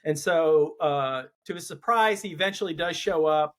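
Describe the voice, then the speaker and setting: Male guest, high pitch, methodical scene recap. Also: normal speed. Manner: steady, explains his pick step by step. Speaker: podcast guest. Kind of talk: casual movie chat.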